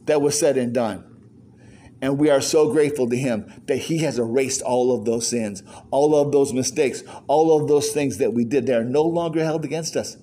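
High-voiced older man preaching emphatically. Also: warm tone. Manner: emphatic, rhetorical questions with joking asides. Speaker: pastor. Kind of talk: sermon.

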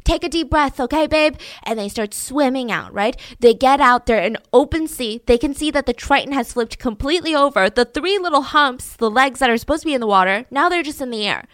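A woman hosts a podcast and tells a true story in an animated way, slipping into the voices of the people in it. Her voice sits a little high, and the close, dry recording has no room sound. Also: a little fast, hardly any pauses, no echo. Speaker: podcast host. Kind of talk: storytelling true-crime narration.

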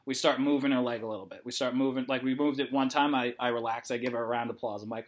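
A man's voice: medium pitch, fairly even intonation, fast talker, hardly any pauses. A young man casually telling a long story, rambling with lots of "like" and acting out the dialogue. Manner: rambling, heavy use of "like", acts out dialogue.

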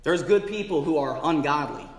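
A man's voice: on the high side, normal speed. A man preaching a sermon as pastor, emphatic and repeating phrases for emphasis. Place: church sanctuary. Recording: echoey church hall.

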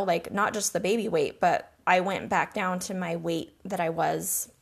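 A woman's voice: on the low side, gravelly. A woman hosting a podcast, telling a personal story in an earnest, reflective and emotional way. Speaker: podcast host.

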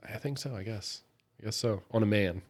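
A man's voice: on the low side, a little fast, darkish tone, slightly rough. A man trading dry, joking asides in casual podcast chat.

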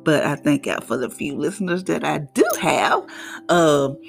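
A middle-aged woman hosting her own podcast, giving an emphatic, faith-based motivational talk with animated, preachy delivery. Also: deep voice, moderate pace, gravelly, soft background music. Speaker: podcast host.

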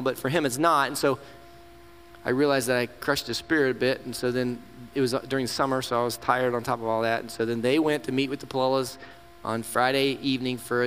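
Animated man preaching in a reverberant hall. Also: medium pitch. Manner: storytelling, animated, acts out quotes. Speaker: camp ministry director and speaker. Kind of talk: sermon. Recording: long hall reverb with faint hum.

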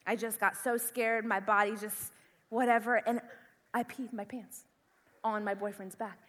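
A young woman preacher telling an animated personal story in a sermon. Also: a little high, moderate pace, a little hiss or hum. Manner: animated storytelling, acts out screams and panic. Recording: long hall reverb.

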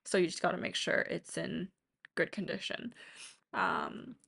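A woman's voice: fairly low pitch, fairly even intonation, measured pace, vocal fry, a bit bright, slightly rough. A young woman co-hosting a podcast in casual, rambling chat full of fillers. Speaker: podcast co-host.

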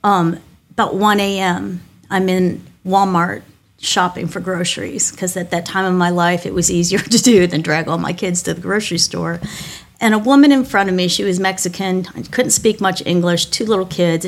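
A woman's voice: fairly low pitch, moderate pace, vocal fry. Woman pastor telling personal stories. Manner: candid, self-deprecating storytelling with small restarts. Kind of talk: devotional talk with personal stories.

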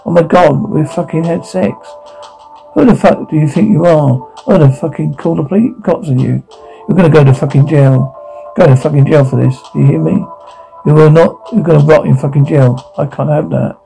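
A man voicing a young woman held captive, furious and panicked, hurling threats in a dark audio drama. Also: on the high side, normal speed, creaky, faint music behind, poor audio. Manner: shouting threats, panicked pleading.

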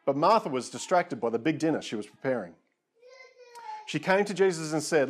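A man's voice: on the high side, animated, brisk. Guy preaching a chill sermon, pokes fun at himself, keeps talking right to the crowd. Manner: casual, self-deprecating, lots of asides to listeners. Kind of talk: conversational sermon.

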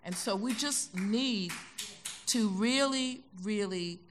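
An older American woman telling stories as a guest in an onstage conversation, animated and acting out the voices she quotes. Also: mid-range voice, slow pace, a little hiss or hum. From United States. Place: concert hall stage.

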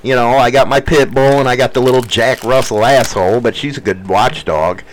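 A man hosting a casual talk show at home, telling crude, animated stories and swearing constantly. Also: medium pitch, brisk, poor audio. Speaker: podcast host. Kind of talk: casual profane storytelling.

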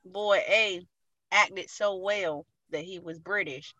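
Woman, casual podcast chat, bright tone, swearing, animated storytelling. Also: medium pitch, slow, no echo. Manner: profane, laughing, animated retelling. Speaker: podcast co-host.

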